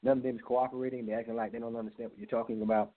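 A man's voice: mid-range voice, flat delivery, very fast. A man hosting a call-in radio show, giving short agreeing replies and asking probing questions. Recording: tinny phone line.

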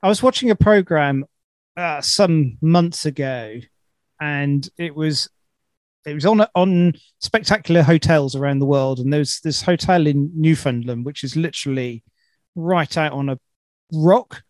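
A man's voice: fairly high pitch, unhurried, no echo. A man hosting a casual interview, chatty and enthusiastic, often repeating words as he starts a thought. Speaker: podcast host.

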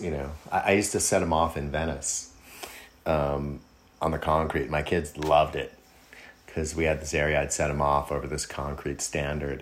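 A man telling a long, rambling personal anecdote in a laid-back, casual way. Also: rumbling low. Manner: rambling, laid-back, with fillers and quoted asides. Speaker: storyteller.

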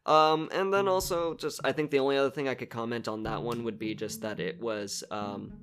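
A man's voice: mid-range voice, brisk, a bit bright. Man podcast co-host, easygoing rambler, lots of "um" and "like", guitar music under him. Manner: rambling, full of fillers, agreeable. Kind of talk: casual chat.

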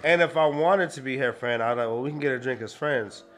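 A blunt young man on a casual podcast, delivering his points flatly and without sarcasm. His pitch is middling, and faint music hums behind him. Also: brisk. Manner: blunt and matter-of-fact. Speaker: podcast co-host.

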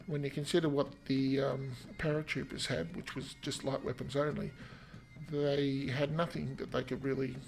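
Aussie guy telling war history on a podcast, chatty with asides, kinda gravelly voice. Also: on the high side. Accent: Australian. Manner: chatty and self-deprecating, with asides and fillers. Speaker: podcast host.

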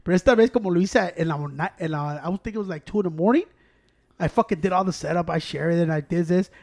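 Dude, talks real fast, animated, cussing and switching languages. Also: high voice, gravelly. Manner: animated, mixes Spanish into English, heavy swearing. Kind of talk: casual storytelling chat. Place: Chicago.

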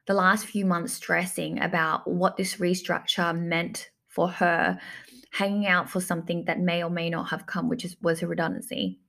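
A woman telling a personal story in a reflective, repetitive way, often saying "like" and circling back to the same phrases, as a coach talking to her audience. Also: medium pitch. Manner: reflective, repeats phrases, filler-heavy. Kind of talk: personal story told to camera.

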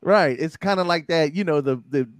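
A man with a Philadelphia accent hosting a casual group chat, animated and given to repeating words while he thinks. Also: fairly high pitch, moderate pace, no echo, clean studio sound. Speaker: podcast host.

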